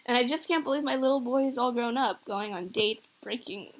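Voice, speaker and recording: A woman's voice: a little high, brisk, natural voice. Woman reading as a corny teasing dad. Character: teasing middle-aged single father, goofy.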